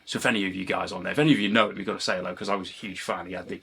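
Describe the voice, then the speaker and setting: A man with a low, gravelly voice that has a husky, rough edge. He talks to camera in a loose, rambling way, drifting between stories and apologising for getting sidetracked. An electric guitar plays behind him between his remarks. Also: steady tone, very fast, pushed and bright. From Britain. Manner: digressive, self-deprecating, often apologises for rambling. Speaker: guitar teacher and channel host. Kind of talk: rambling casual chat to camera.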